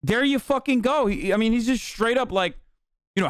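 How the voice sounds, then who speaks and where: Brief: young male streamer, high voice, dry close mic, swears freely, excitable rants. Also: moderate pace, clean tone, no echo. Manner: profane, excitable, rants and acts out outbursts. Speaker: streamer reacting to a documentary. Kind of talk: casual reaction commentary.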